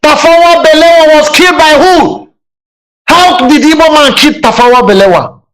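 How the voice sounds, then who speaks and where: Nigerian guy ranting on a panel, really high voice, angry rhetorical questions. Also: normal speed, a bit bright, low-quality recording. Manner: fiery, aggressive, rhetorical questions. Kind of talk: impassioned political talk.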